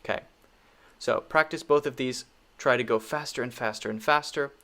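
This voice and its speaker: A man with a bright, clear-toned voice teaches pronunciation. He repeats example words over and over at an easy pace. He checks in often with a patient "okay?". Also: mid-range voice. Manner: demonstrates words by repeating them slowly. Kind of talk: pronunciation lesson.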